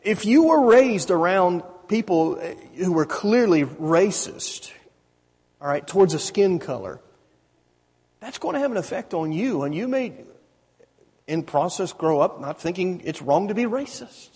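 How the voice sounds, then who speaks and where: Man, preacher, sermon, questioning the audience, breathy high voice, long hall reverb. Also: very animated, measured pace, darkish tone. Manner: conversational, asks the audience questions, frequent restarts.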